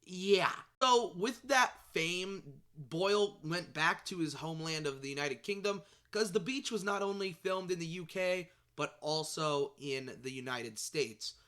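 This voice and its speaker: A man vlogging about movies in casual chat, excitable and rambling, swearing and tripping over his words. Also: on the high side, a little slow, few pauses.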